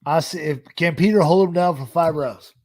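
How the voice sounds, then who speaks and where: A man's voice: a little high, a little mellow, no room sound, studio quality. A middle-aged man, co-hosting a casual podcast, swearing and laughing a lot. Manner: laughs often, swears, drawn-out. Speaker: podcast co-host. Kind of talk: casual chat.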